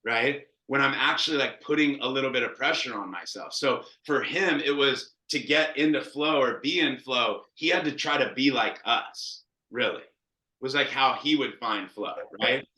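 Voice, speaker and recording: Profane, animated man coaching in an echoey room. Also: medium pitch, normal speed. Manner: profane, animated storytelling with acted quotes. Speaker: quarterback coach. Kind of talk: casual coaching talk.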